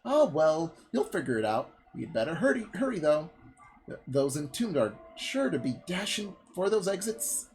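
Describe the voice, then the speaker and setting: A woman voicing a scheming female game merchant, reading the dialogue slowly with an exaggerated, stereotyped French accent. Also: fairly low pitch, big pitch swings, a little mellow, voice pushed up, rough recording. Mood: dramatic. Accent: put-on stereotyped French. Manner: slow, drawn-out, hammy line reading.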